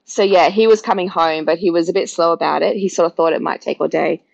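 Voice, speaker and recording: Woman, low voice, gravelly, dry close sound, chatty guest. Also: steady tone, quick pace, darkish tone, dry recording, lo-fi sound. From Australia. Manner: chatty, acts out her own past words. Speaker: podcast guest. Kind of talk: casual birth story.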